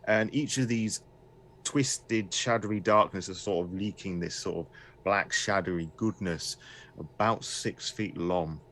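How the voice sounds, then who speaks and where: A man's voice: low voice, a little slow, fairly bright tone. A man running a tabletop horror game as game master, describing scenes in a loose, rambling way and asking players for rolls.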